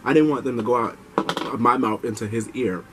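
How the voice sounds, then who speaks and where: A young man vlogging, telling a personal story in a chatty, animated way and giving advice straight to viewers. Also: mid-range voice, fairly quick, background noise.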